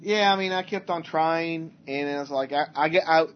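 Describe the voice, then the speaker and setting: A man's voice: on the high side, a little hiss or hum. A man casually chatting about movies as a podcast co-host, rambling and restarting often, recorded on a dull lo-fi setup. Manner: rambling, halting, many restarts and fillers. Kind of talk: casual chat.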